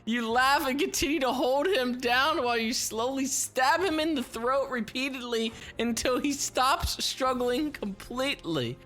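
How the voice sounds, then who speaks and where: A woman streamer reads a text adventure aloud in a high-pitched, fairly bright voice, unhurried and with few pauses. She's giggly, swears a lot, and reacts with frequent laughter and disbelief.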